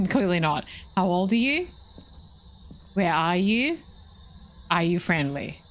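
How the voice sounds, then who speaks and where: A woman's voice: fairly low pitch, big pitch swings, slow pace, slight background noise. A woman streaming a ghost-hunting game, thinking aloud and questioning the ghost. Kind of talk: live gameplay commentary.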